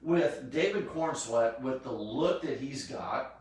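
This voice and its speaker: Man, casual host, halting delivery full of fillers, miked from a distance. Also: medium pitch, darkish tone. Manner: halting, restarts often with fillers. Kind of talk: casual chat. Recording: echoey room, far from mic.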